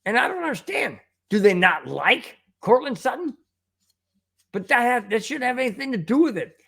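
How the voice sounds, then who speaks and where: A man's voice: very high voice, big pitch swings, normal speed, creaky, a bit bright, husky. A man hosting a fan sports show, ranting in an emphatic, exasperated way and repeating his points. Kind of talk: fan commentary monologue.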